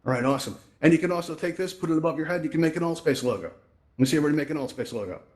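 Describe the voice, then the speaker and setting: A man leads a live walkthrough in a quick, chatty rush. His voice sits a little high for a man, and he coaches his audience in an upbeat way. The sound has a roomy echo from a headset mic. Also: expressive, a little mellow. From New York. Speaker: virtual reality event host. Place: virtual reality social space. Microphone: VR headset microphone.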